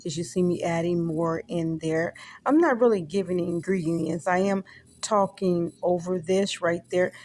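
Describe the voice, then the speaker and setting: A woman with a drawl narrates her home cooking in a relaxed, chatty voice-over, often checking in with "okay?". Her voice sits on the low side, and a faint hiss runs under the recording. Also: measured pace. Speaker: home cook.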